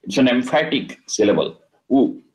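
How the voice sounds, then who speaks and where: A man teaching a scripture lesson. He explains Sanskrit words slowly and deliberately, and he repeats and chants the terms. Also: medium pitch, animated, darkish tone, poor audio. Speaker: Vedic teacher.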